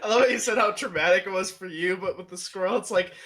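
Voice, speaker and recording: A man's voice: sits high, fast talker, noisy background. A man co-hosting a podcast, chatting casually with short reactions, teasing remarks and a lot of laughter. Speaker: podcast co-host. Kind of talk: casual chat.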